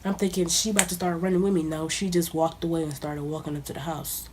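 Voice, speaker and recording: A woman's voice: low-pitched, little pitch movement, fast talker, a little hiss or hum. A young woman casually telling a personal story as a vlogger, sometimes dropping to a near-whisper. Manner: casual, conversational, drops to near-whispers at times. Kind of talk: storytime monologue.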